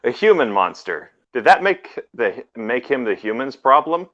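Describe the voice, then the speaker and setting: A man's voice: mid-range voice, big pitch swings, moderate pace, sharp tone. A man co-hosting a casual podcast, reading aloud and dropping dry, wry asides. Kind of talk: casual joking group reading. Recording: dull lo-fi recording.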